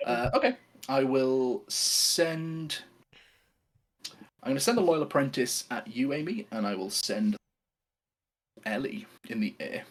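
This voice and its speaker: A man with a raspy edge to his voice plays his turn at a card game. He hesitates often and keeps his humour dry. His pitch rises and falls freely. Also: expressive, unhurried, long pauses. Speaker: player. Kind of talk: casual game chat.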